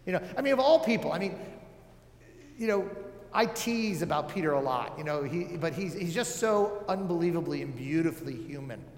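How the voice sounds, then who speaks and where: A man preaches in a relaxed, talky way, full of fillers and wry asides. His voice sits a little high for a man. The sound carries a roomy, echoing tail, as if recorded in a large hall. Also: normal speed, a little hiss or hum. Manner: casual, joking asides, many fillers. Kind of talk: conversational sermon. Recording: echoey hall with long reverb.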